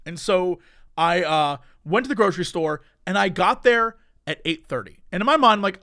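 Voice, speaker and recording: High-voiced animated young man storyteller. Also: normal speed, no room sound, clean studio sound. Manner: animated, acts out quotes in voices. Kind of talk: casual storytelling chat.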